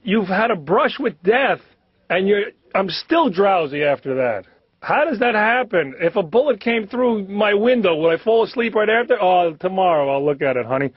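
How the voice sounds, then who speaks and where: A high, husky-voiced man tells a stand-up bit in a weary tone. He breaks into startled outbursts. The audio is dry and a little dull. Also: expressive, moderate pace, no room sound. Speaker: stand-up comedian. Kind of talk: stand-up monologue.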